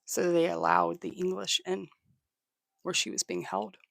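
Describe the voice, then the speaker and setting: Very gravelly live storyteller. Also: mid-range voice, little pitch movement, a bit bright, no room sound, studio quality. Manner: halting, repeats and restarts words. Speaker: livestream host. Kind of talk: casual live storytelling, thanking viewers.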